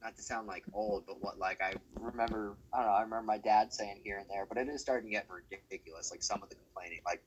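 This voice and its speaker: A man co-hosting a sports podcast, talking casually in a ranting, profane and animated way. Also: fairly low pitch, fast, few pauses, a little hiss or hum, poor audio. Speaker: podcast co-host.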